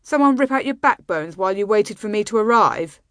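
A stern young warrior prince gives his orders firmly, in a slow and deliberate way, as a woman reads him. The storybook delivery is dry and close, with no room sound. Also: fairly low pitch, animated, no room sound. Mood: commanding. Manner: firm, commanding.

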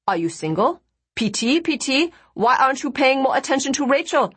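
A man's voice: very high voice, sing-song, normal speed, fairly bright tone, husky, voice pushed up, full character voice. A woman voicing a jovial middle-aged man who runs a family business, talking proudly and teasing his guest. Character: jovial middle-aged male company boss, proud father.

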